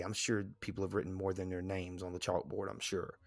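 A man with a fairly low voice, chatting loosely on a podcast. He rambles, jokes about himself and reads passages aloud before riffing on them. The sound is dry and close, with no room around it. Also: little pitch movement, a little fast, vocal fry, few pauses, dry recording. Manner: rambling, self-deprecating, reads aloud and riffs. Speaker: podcast co-host. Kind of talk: casual podcast chat.

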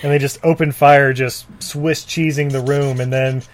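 A man's voice: medium pitch, steady tone, normal speed. A man co-hosting a casual movie podcast, recapping scenes and laughing easily. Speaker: podcast co-host.

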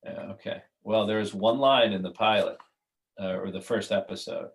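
A man's voice: lowish voice, normal speed, rough recording. A man who is a writer and creator, talking as a podcast guest in a casual, rambling way with many restarts. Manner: rambling, restarts, laughs at his own jokes.

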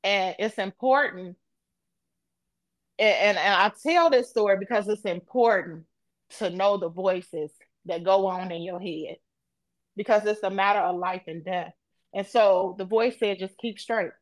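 A woman's voice: medium pitch, a little slow, no echo. A woman on a podcast, retelling an emotional personal story in vivid, casual speech. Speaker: podcast co-host.

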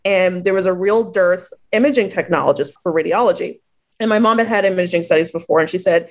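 A woman's voice: lowish voice, brisk. A woman from New Jersey, a poet being interviewed, who chats casually, laughs often and acts out the people she quotes.

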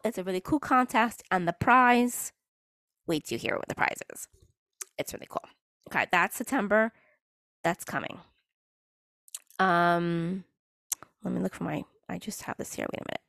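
Her voice is on the low side with noticeable vocal fry as she hosts a casual podcast monologue on her own. Chatty and meandering, she frequently cuts herself off and starts over, captured in clean studio quality with no room sound.

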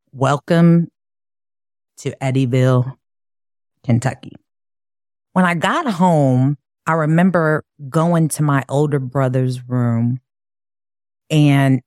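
A woman from Chicago telling her own life story in an earnest, measured, reflective way. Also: very deep voice, darkish tone, no room sound, clean studio sound. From Chicago, USA. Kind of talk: personal storytelling.

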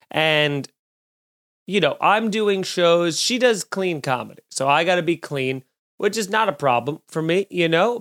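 Animated, cursing male comedian telling a story. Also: fairly high pitch. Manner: animated, swearing, acts out quoted voices. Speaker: comedian and podcast host. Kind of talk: casual storytelling monologue.

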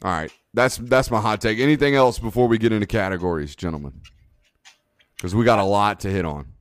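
A man hosting a podcast in casual chat, animated and profane with lots of hype. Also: on the low side, brisk, no room sound. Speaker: podcast host.

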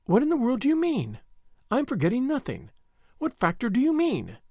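Brief: eager, grief-stricken young noblewoman in an audiobook, voiced by a male reader, high, animated delivery, dry close sound. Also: normal speed, no room sound, heavily acted. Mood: impatient. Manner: eager, excitable, pleading. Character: impatient, anguished young noblewoman.

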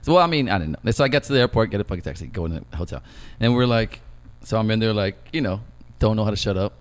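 A young man co-hosting a casual podcast, telling stories in an animated, profane way. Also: on the low side, quick pace. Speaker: podcast co-host.

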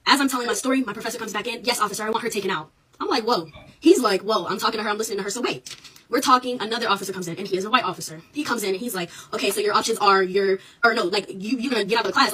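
Brief: young woman vlogging a story, rapid and fired up, a bit off-mic, faint hiss. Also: mid-range voice, distant mic, rough recording. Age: young adult. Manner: animated, indignant, swears freely. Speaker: college student. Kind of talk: storytime vlog to phone camera.

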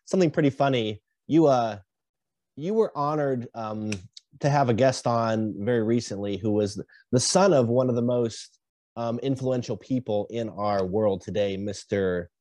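A man hosting a podcast interview, talking in a halting, easygoing way full of fillers. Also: mid-range voice, a little mellow, no echo. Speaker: podcast host.

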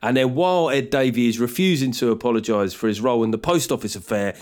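Chatty comedian hosting a podcast. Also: male voice, medium pitch, fast talker. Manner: chatty, jokey, bursts into mock voices. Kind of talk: casual comic monologue.

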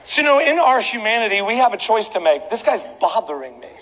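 Man preaching, high voice, animated comedic storytelling, reverberant hall, faint noise. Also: quick pace. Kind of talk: storytelling sermon.

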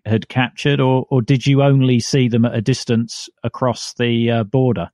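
A man hosting a podcast, reading a support appeal smoothly and asking short questions of his guest. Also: mid-range voice, steady tone, moderate pace, a little mellow, no echo, clean studio sound. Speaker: podcast host. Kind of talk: scripted appeal and interviewing.

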